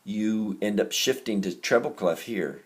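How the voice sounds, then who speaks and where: Slow, patient male music teacher. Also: lowish voice. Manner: patient, counts beats aloud in a raised chant; steady and explanatory, with small self-corrections. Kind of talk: recorded music reading lesson.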